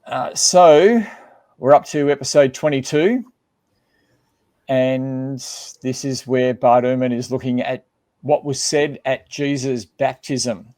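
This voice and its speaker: A man's voice: medium pitch, slow, a little mellow. A man co-hosting a casual discussion of a book, talking conversationally and reading verses aloud. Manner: conversational, reads scripture aloud, frequent restarts. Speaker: co-host.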